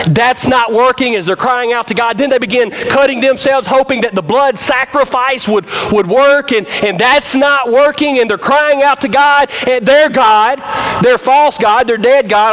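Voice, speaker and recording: Male pastor mid-sermon, high voice, emphatic and repetitive delivery, faint room ambience. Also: fairly bright tone, a little hiss or hum, rough recording. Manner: preaching with rising and falling emphasis, repeats words.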